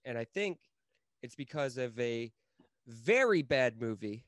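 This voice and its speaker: Young male podcast co-host, brash and sweary, mid-pitched, dry close sound. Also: animated, unhurried, dry recording. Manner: brash, swears a lot, laughs often. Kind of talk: casual profane chat.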